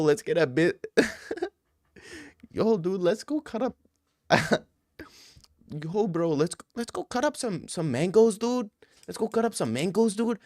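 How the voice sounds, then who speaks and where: Man voicing an excitable young bro, high voice, keeps saying dude, eager, pushy. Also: dry recording, studio quality. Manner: repeats "dude" and "let's go" with every breath. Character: excitable young man hyping a get-rich scheme.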